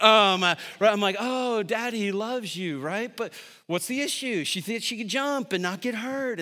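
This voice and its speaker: A man in his thirties preaching a sermon as a pastor, conversational and jokey, tagging his points with quick asides to the congregation. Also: high-pitched. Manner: animated and conversational, jokey asides, constant "right?" tags. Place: large church hall. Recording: long hall reverb.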